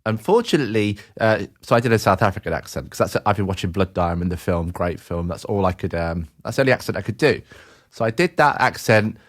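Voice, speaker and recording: A man's voice: lowish voice, lively intonation, quick pace. A man co-hosting a casual podcast chat, joking and laughing through his stories. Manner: jokey, laughing storyteller. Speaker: podcast co-host.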